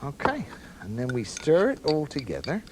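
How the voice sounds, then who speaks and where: Casual male TV cook, animated rising and falling voice, folksy asides, audible background noise. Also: a little high, moderate pace. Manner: chatty and rambling, with folksy asides. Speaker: cooking show host. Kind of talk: casual cooking demonstration. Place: TV studio kitchen.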